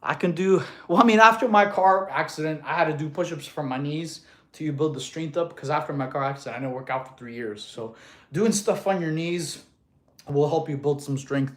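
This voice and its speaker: A man's voice: a little high, brisk, a bit bright. A man coaching fitness on a casual livestream, laughing often and answering chat questions, filmed on a tripod camera.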